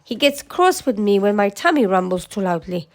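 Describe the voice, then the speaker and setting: A woman voicing a meek hungry little dwarf man, soft-spoken, storybook voice. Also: mid-range voice, sing-song, a little fast.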